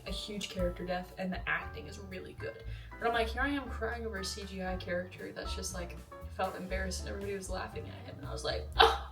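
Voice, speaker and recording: A young woman vlogger chatting about a film in a rambling, casual way, full of fillers and asides. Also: medium pitch. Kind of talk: casual film review monologue. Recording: roomy echo, voice a bit far from mic.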